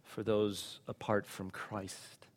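Male pastor, sermon delivery, quiet to fervent, church with long reverb. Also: on the low side, little pitch movement, slow pace. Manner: preaching, from quiet and reflective to loud and fervent.

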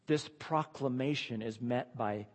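A man preaching a sermon and reading scripture aloud. He is emphatic and swings between loud declarations and hushed asides. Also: mid-range voice, measured pace, long reverb tail.

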